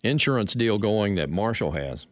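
A man hosting a sports talk radio show, telling stories in a lively way. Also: fairly low pitch, moderate pace, no room sound, studio quality. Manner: lively storytelling, chuckling.

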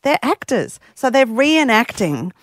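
A woman's voice: a little high, very animated, a little slow. A woman co-hosting a radio show, telling stories in a blunt, casual manner and laughing often. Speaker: radio co-host.

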